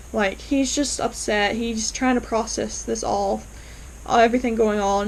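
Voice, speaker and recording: A woman casually recapping a TV episode, chatty and lively, acting out the lines with lots of fillers. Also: a little high, low-quality recording. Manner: chatty, lively retelling with frequent fillers and acted-out quotes. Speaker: TV episode reviewer.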